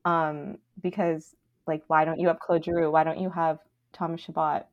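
A young woman from Canada co-hosting a podcast, talking in a gushing, animated way full of "like" fillers. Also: sits low, normal speed, lo-fi sound. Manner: animated, filler-heavy, gushing fan talk. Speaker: podcast co-host. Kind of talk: casual chat.

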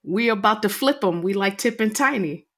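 A woman's voice: medium pitch, animated, normal speed, fairly bright tone. Chatty woman co-hosting a podcast. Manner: chatty, storytelling, laughs along. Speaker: podcast co-host. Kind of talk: casual chat.

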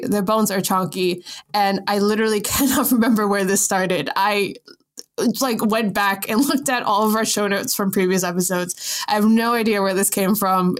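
A young adult woman co-hosting a podcast in casual chat, playful and self-mocking, laughing often. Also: mid-range voice. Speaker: podcast co-host.

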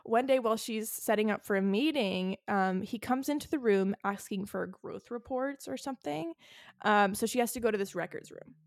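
A woman's voice: medium pitch, normal speed, gravelly, no echo, clean studio sound. A woman co-hosting a podcast, recapping a book in casual chat and leaning hard on "like" as a filler. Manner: chatty, heavy use of "like". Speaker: podcast co-host.

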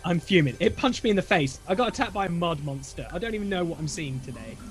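A man playing in a tabletop game, talking in an animated way with exaggerated mock anger. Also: sits high, fast talker, faint music behind. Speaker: player. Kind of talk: tabletop role-play.

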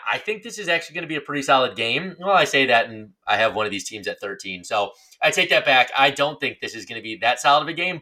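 Young man, bright voice, casual sports podcast chat, relaxed and rambling. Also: medium pitch. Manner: relaxed, chatty, slightly rambling. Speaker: podcast co-host.

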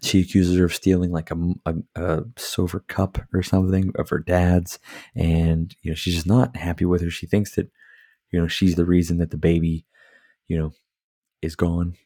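A man's voice: low-pitched, level tone, normal speed, mellow, no echo, studio quality. A man hosting a podcast, chatting casually and rambling, with lots of filler words and swearing as he sips a beer. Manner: drinking beer while talking. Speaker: podcast host. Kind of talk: casual movie review chat.

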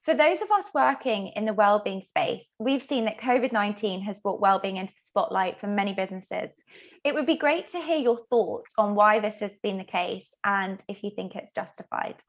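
A woman hosting an online panel, brisk as she introduces speakers and hands over questions. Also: mid-range voice, animated. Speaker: panel moderator.

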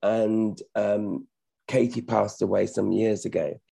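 A middle-aged man chats modestly as an interview guest in a low, gravelly voice. His tone is dark and a little husky. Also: steady tone, slow pace. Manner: modest, chatty, self-correcting. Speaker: actor and podcast guest. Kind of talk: casual interview talk.

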